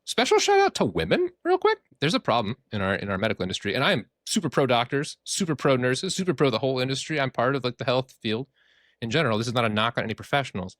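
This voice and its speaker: Quick-talking guy with a low voice, jokey podcast rambling, dry close sound. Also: dry recording. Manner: animated, joking, acts out quoted voices. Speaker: therapist and podcast host. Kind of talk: casual podcast monologue.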